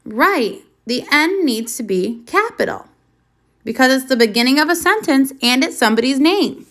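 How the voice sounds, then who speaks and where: Woman, first grade teacher on video, high bright voice, patient question-and-answer delivery. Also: expressive, normal speed. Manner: patient, asks questions then confirms answers.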